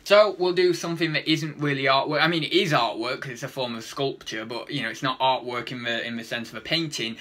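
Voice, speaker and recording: A man's voice: medium pitch, a little fast, hardly any pauses, bright, forceful tone. A man chatting casually through a reselling haul video, rambling and thinking aloud with plenty of fillers. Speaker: online reseller.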